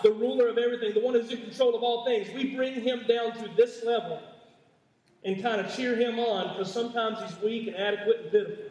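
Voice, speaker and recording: Male pastor preaching, high voice, emphatic, repeats himself, stammers, echoey hall, distant mic. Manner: emphatic repetition, stammering restarts. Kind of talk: sermon. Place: church sanctuary.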